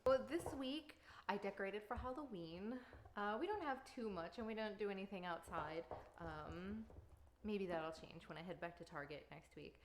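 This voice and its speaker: A woman's voice: mid-range voice, lively intonation, moderate pace, background noise. A woman in her thirties chatting casually to camera while baking at home, rambling with lots of fillers. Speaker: vlogger and mother. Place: home kitchen.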